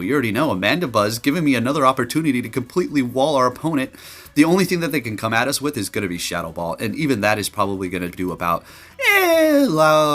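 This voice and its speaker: Excitable man commentating a game, music underneath. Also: medium pitch. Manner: animated, jokey, excitable, trash-talking. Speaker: gaming commentator. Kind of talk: casual gameplay commentary.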